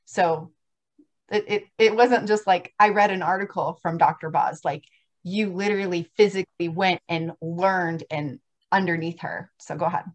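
A woman's voice: on the low side, fairly even intonation, moderate pace. A woman hosting an online support group, cutting in with emphatic, insistent remarks. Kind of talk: casual group chat. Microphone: video call.

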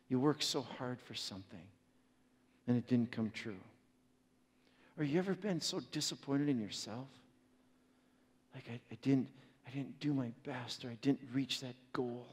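Male pastor, high gravelly voice, conversational sermon in a reverberant church. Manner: conversational preaching, repeats words, swings between quiet and loud. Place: church sanctuary.

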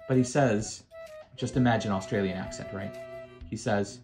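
Low-voiced American man telling war stories. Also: fairly even intonation, moderate pace, over music. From United States. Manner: conversational, wry asides to the listener. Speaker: former Marine telling stories. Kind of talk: casual anecdotal storytelling.

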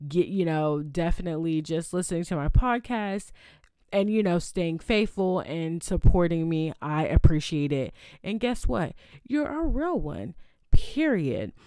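Smooth-voiced chatty woman podcaster. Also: lowish voice, a little mellow, dry recording, studio quality. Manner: chatty, adds "okay?" tag questions. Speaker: podcast host. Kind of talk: casual solo podcast chat.

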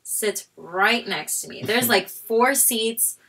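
Young woman guest telling a wild story, kinda high bright voice, gets loud and animated. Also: slow, gravelly, husky. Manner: animated, bursts into shouted quotes. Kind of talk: storytelling in casual chat.

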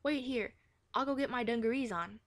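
A woman's voice: fairly high pitch, a little fast, dry recording, close to an everyday voice. A woman voicing a stubborn, jealous young schoolgirl in a children's story read aloud. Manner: earnest and stubborn.

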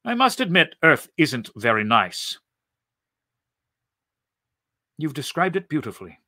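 A man voicing a timid, bewildered Martian man who speaks softly and hesitantly. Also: fairly high pitch, big pitch swings, moderate pace, dry recording, studio quality. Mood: flustered. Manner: soft, hesitant, polite.

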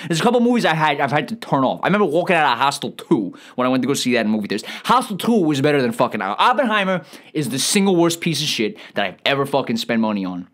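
A man tears into a film in a quick, swooping comic rant. His voice jumps high and drops low as he piles on profanity. He sounds rambling and exasperated throughout. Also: a bit bright. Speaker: comedic ranting reviewer. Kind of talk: comedic movie rant.

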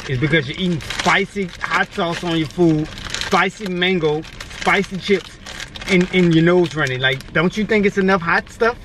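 A woman's voice: fairly low pitch, normal speed, noisy background. A mother chatting casually and teasing her family inside a car. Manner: teasing, playful and lively.

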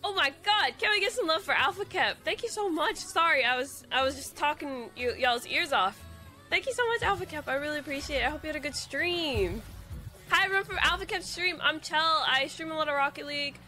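A woman's voice: high-pitched, expressive, a little fast, bright, forceful tone, faint music behind. A woman streamer chatting with her viewers and thanking them effusively. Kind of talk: live stream chat.

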